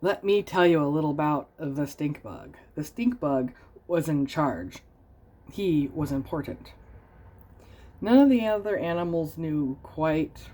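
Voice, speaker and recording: A woman with a low voice reads a children's picture book aloud. She tells the story in a soft, gentle way. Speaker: storybook reader.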